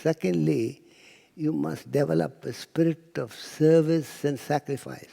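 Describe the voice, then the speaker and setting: In a lecture hall before an audience, this man gives a spiritual talk as a storytelling lecturer, acting out quotes and at times sinking to a near-whisper. His fairly high, warm voice has vocal fry and fairly even intonation, and he speaks a little slowly, with a big-room sound around him.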